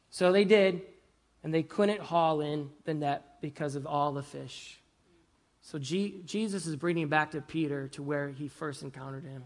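A man's voice: on the high side, unhurried. Man preaching a conversational sermon. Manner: conversational, asks the congregation "right?" and "amen?"; swings between loud emphasis and soft, hushed lines. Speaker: pastor.

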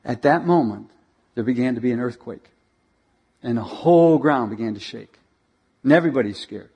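A male preacher telling a dramatic story in a sermon, animated and directing slides as he goes. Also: medium pitch, normal speed, slightly rough.

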